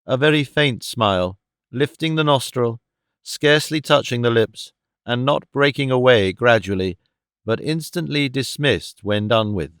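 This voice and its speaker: A male audiobook narrator reads a classic novel at a measured, steady pace. His voice is smooth and resonant with a gravelly grain. It is recorded close and dry. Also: mid-range voice, no room sound. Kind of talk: scripted narration.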